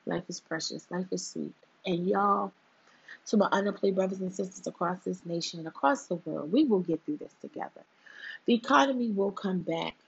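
A woman's voice: on the low side, moderate pace, creaky, slightly rough, dull audio. A woman hosting her own show in a casual monologue, emphatic and fond of repeating her points for effect.

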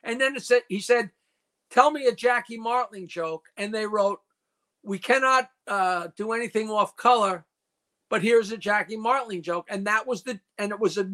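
Rattling off dirty jokes and stories, an older New York man in his seventies appears as a comedian guest in a relaxed call-in chat. He speaks with a very high pitch and a sharp tone.

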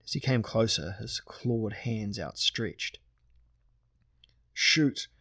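Low husky male audiobook narrator. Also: slow pace, a bit bright, dry recording. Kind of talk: scripted fantasy narration.

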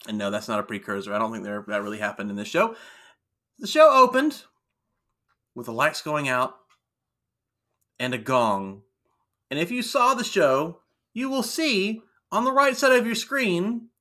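A man co-hosting a casual podcast, recapping wrestling with quick jokey asides. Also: high voice, bright, forceful tone. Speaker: podcast co-host.

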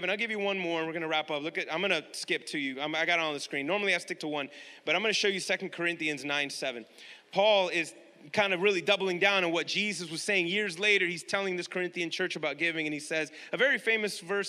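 Bright-voiced man preaching in an echoing hall. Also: high-pitched. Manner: emphatic, repeats key phrases, questions the congregation directly. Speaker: pastor. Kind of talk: sermon.

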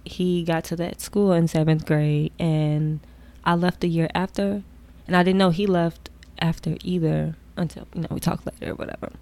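Young woman, casual storytelling, candid, animated, soft whispered asides. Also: lowish voice, normal speed.

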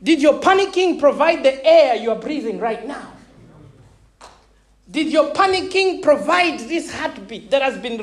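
A woman in her thirties preaching a sermon, animated and laughing often, checking in with her listeners and repeating words as she thinks. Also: high-pitched. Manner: repeats words when searching for them.

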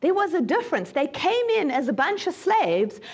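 Woman preacher, very high voice, expressive, Bible teaching with acted-out voices. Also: moderate pace. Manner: animated, acts out voices in dramatic retellings. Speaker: prophet and teacher.

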